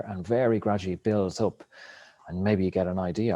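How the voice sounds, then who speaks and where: A man's voice: low voice, fairly even intonation, fairly quick, mellow, no room sound. A man talking in a rambling, reflective spiritual monologue, cursing now and then. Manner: rambling, reflective, swears casually.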